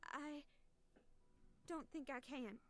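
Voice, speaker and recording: A woman voicing an anxious, devout young woman in a game, nervous and quick to protest. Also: sits high, faint music behind. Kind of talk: video game voice acting.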